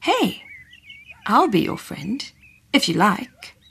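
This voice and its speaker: A woman's voice: mid-range voice, very animated, slow pace, creaky, fairly bright tone, husky, exaggerated voice. Woman as a shy little girl dinosaur for a storybook, timid but kind. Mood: friendly.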